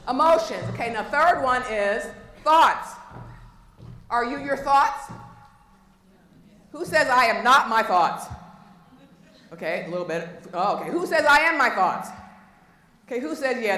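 A woman's voice: a little high, fairly bright tone. Woman speaking in an echoey conference hall. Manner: engaging, quizzes the audience with questions. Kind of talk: motivational talk to a live audience. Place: conference room. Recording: echoey hall with long reverb, faint noise.

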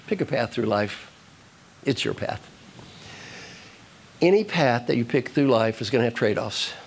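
A man giving a live motivational talk to an audience, animated and repetitive, giving direct instructions. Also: mid-range voice, slight background noise. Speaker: motivational speaker.

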